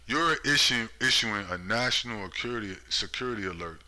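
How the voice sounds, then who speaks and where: A man's voice: on the low side, animated, moderate pace, pushed and bright, low-quality recording. A man giving a profane, sarcastic vlog rant about politics, full of rhetorical questions. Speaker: political commentator. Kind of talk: ranting vlog commentary.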